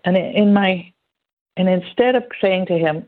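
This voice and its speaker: A woman's voice: fairly low pitch, moderate pace. Chatty woman on a tinny line. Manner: chatty, animated storytelling with acted-out quotes. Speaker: guest. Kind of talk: casual conversational interview. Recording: phone-like narrow band.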